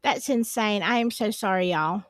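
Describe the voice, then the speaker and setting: A woman's voice: mid-range voice, moderate pace, no echo, clean studio sound. A woman hosting a live stream, chatting casually and apologizing in a flustered, rambling way. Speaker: livestream host.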